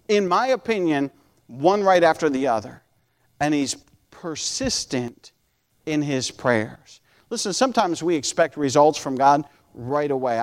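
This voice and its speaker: A man's voice: on the high side, clean tone. A man preaching a sermon and reading Bible verses, earnest, stretching out key words, often restarting phrases. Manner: earnest, drawn-out emphasis with repeated restarts.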